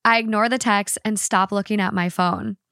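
A woman's voice: mid-range voice, steady tone, moderate pace, vocal fry, a bit bright, no echo, clean studio sound. A woman co-hosting a podcast, reading a listener's story aloud with expression and then chatting casually about it.

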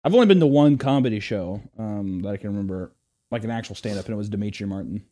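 A man hosting a casual podcast, chatting and telling stories, often jumping into loud silly voices. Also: lowish voice, fast. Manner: animated, slips into loud silly put-on voices. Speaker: podcast host.

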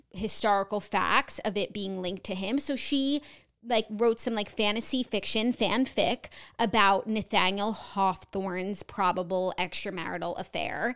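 A woman hosts a casual book club podcast, chatting brightly with plenty of fillers. Her voice is smooth and resonant, and her pitch sits in the middle of the range. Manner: chatty, upbeat, lots of fillers. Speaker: podcast host.

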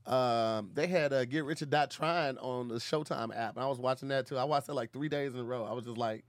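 A man's voice: mid-range voice, fairly quick, dry recording, studio quality. A man co-hosting a podcast, chatting casually in laid-back, profane slang. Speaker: podcast co-host. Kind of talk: casual chat.

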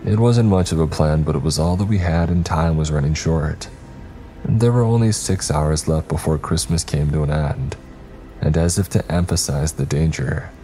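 A man with a very deep, dark voice tells a horror story in steady, scripted narration. His delivery is even and a little wry, with faint music playing underneath.

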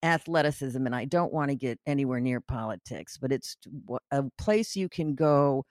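A woman from Chicago chatting casually on a podcast, animated and teasing, talking fast. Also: a bass voice, dry recording, clean studio sound. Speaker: co-host, political commentator's wife. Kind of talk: casual chat.

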